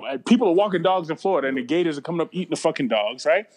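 A quick, slightly high-voiced man spins rowdy stories on a casual podcast, swearing freely and pushing his voice up for the punchlines. He talks fast and loose, like a regular on the show. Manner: profane, animated storyteller. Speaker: podcast co-host. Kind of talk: casual chat, storytelling.

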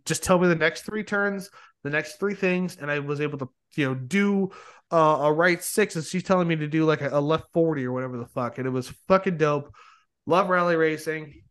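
A young man hosting a podcast, chatting casually in a rambling, excited way with plenty of swearing. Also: fairly high pitch, fairly quick, clear, resonant tone. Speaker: podcast host. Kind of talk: casual chat.

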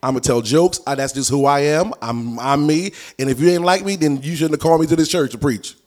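A man teaching a prophetic training session in an animated, folksy preaching style, with punchy repetition and sudden sung or shouted phrases. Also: a little high, fast. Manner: folksy colloquial delivery. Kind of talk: teaching sermon.

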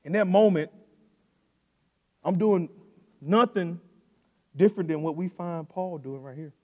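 High-voiced preacher man, big hall reverb. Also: unhurried. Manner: builds from calm storytelling to loud shouting; coaching, conversational, with southern-style slang. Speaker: pastor. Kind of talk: sermon.

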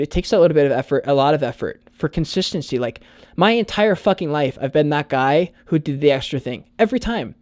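A man's voice: on the high side, darkish tone, no room sound, clean studio sound. A young man talking in a casual vlog monologue, earnest and full of "like" and swearing. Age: young adult. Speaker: YouTuber.

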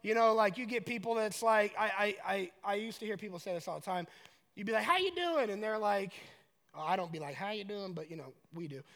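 A man from Colorado preaching a sermon, conversational and joking, building to loud emotional paraphrases. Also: high-pitched, quick pace, long reverb tail. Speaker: pastor.

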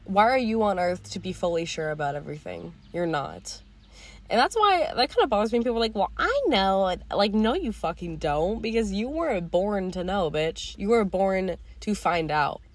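A teenage girl hosting her own podcast, talking in a candid, rambling way with casual swearing and a voice going a little hoarse. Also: mid-range voice, lively intonation, moderate pace. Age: teens. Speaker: podcast host. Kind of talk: casual reflective monologue.

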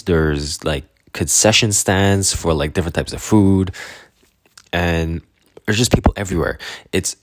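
A man's voice: deep voice, unhurried, no room sound, clean studio sound. A young man from Canada telling a rambling travel story in casual chat, laughing often and acting out the people he quotes.

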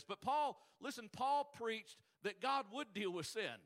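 A man preaching a sermon, folksy and joking, swinging between shouted points and quiet asides. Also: very high-pitched, animated, measured pace. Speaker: pastor.

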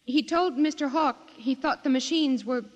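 An actress playing an earnest secretary testifying in an old radio drama. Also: female voice, high-pitched, moderate pace, lightly acted. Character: earnest female secretary witness. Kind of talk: 1950s radio drama acting. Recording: long reverb.

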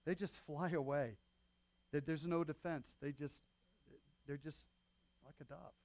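A man's voice: on the high side, fairly even intonation, unhurried, darkish tone, no room sound. A man preaching a sermon as pastor, talking in a loose, conversational way with frequent asides to the congregation.

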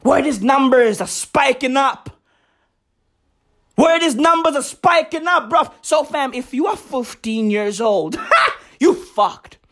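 A man, ranting loudly and mockingly, swearing and laughing as he talks. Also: very high voice, lively intonation, slow. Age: 20s. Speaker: comedic ranter. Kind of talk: profane comedic rant. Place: outdoors in a lively neighborhood.

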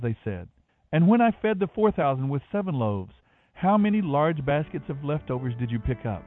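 Scripture reader, male, measured and expressive, narrow phone-like sound. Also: on the high side, no room sound. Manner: measured, expressive reading of dialogue. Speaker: Bible reader. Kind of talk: scripted Bible reading.

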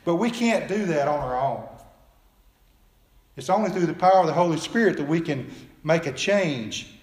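A man preaching a sermon in earnest tones, often dropping soft and low at the ends of phrases. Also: expressive, normal speed, echoey room. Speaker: pastor.

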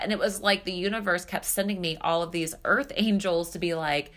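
A woman's voice: lowish voice, a little fast, few pauses, fairly bright tone. A woman hosting her own podcast, talking in a casual, reflective way and often filling with "like" and "you know.". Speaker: podcast host. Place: seated indoors recording.

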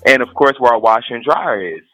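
A man from Maryland telling a personal story in a casual, animated way and acting out what people said. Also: mid-range voice, fast, soft background music, low-quality recording. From Maryland, USA. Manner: animated, quotes people as he tells it.

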